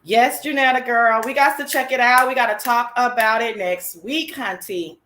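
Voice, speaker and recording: A woman hosts her own live chat show, talking casually in a sassy, slangy and excitable way, with bursts of shrieking laughter. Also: fairly high pitch, moderate pace, a little hiss or hum.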